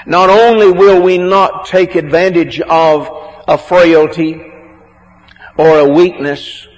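A man preaching a sermon on marriage, slow and emphatic, drawing out words for stress. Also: on the high side. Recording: muffled, with a long hall echo.

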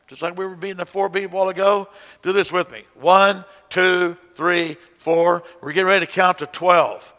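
A man's voice: sits high, steady tone, normal speed, pushed and bright. A man teaching song leaders how to beat time, counting aloud and breaking into hymn lines to show the beats. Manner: explains conducting, breaks into hymn singing. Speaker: song leading instructor. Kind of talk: music lesson with singing. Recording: long hall reverb.

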